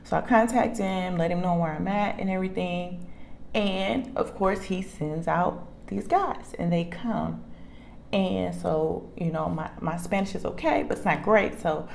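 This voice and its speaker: A middle-aged woman telling a funny story in a casual vlog, animated, laughing often and restarting her sentences. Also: lowish voice, unhurried, vocal fry, a little hiss or hum. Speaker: vlogger.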